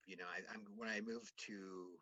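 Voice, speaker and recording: A man who is a guest on a podcast, talking casually in a halting, thoughtful way with many pauses. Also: low voice, fairly even intonation, lo-fi sound, noisy background. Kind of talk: casual interview chat.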